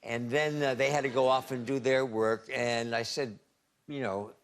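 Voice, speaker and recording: A man in his seventies, a talk show guest, telling anecdotes in a halting way, repeating words and laughing at his own stories. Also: medium pitch, fairly even intonation, a little hiss or hum. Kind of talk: anecdotal storytelling. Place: TV studio.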